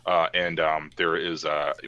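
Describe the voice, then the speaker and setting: A man with an extremely low voice that still has a bright, forceful edge. He plays a tabletop game in a loose, playful ramble full of fillers. The sound is dry and close. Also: little pitch movement, unhurried, no echo, muffled recording. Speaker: player. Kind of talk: casual tabletop game play.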